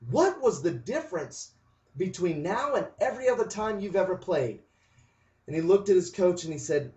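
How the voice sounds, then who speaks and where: A man's voice: sits high, sing-song, moderate pace, mellow. A man giving an inspirational talk who tells a story dramatically and acts out the voices of the people in it. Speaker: motivational speaker. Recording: distant, roomy, dull lo-fi sound.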